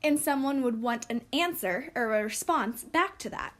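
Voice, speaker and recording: A woman teaching a recorded lesson, speaking slowly and clearly for young children. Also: on the high side, lively intonation.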